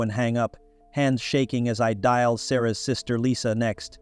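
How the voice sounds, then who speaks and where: A man's voice: mid-range voice, level tone, moderate pace, a little mellow, no echo, soft background music. A young man narrating a first-person story in a casual, wry, conversational way.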